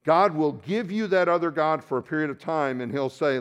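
A male pastor preaching a sermon in a slightly higher-pitched voice. He swings from quiet, low asides to sudden loud, drawn-out peaks, breaking into self-deprecating restarts along the way.

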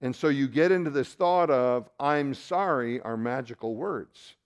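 A man preaching a sermon as pastor, shifting between loud emphatic rises and quiet asides, with self-deprecating remarks and restarts. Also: mid-range voice, lively intonation, normal speed.

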